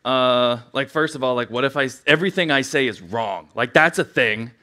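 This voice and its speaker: A man's voice: medium pitch, moderate pace, bright, forceful tone. A man in his thirties, nervous and rambling, opening a sermon in a casual, self-deprecating way with lots of filler words. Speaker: church speaker. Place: church sanctuary.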